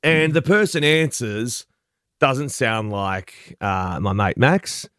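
A man's voice: mid-range voice, slow pace, fairly bright tone, dry recording, clean studio sound. A man with an Australian accent, co-hosting breakfast radio and telling a self-mocking story in casual banter. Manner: chatty, self-mocking storyteller who acts out voices in quotes.

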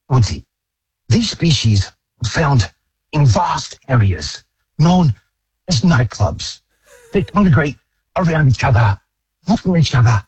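A radio caller putting on a slow, measured nature-documentary narrator voice. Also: male voice, mid-range voice, a little mellow, slightly rough, dry recording, heavily acted, poor audio. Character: hushed nature-documentary narrator, older man.

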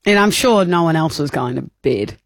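An Australian man co-hosting a radio show, teasing his partner with quick reactions in casual banter. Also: fairly high pitch, animated, no echo, studio quality. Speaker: radio co-host. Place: radio studio.

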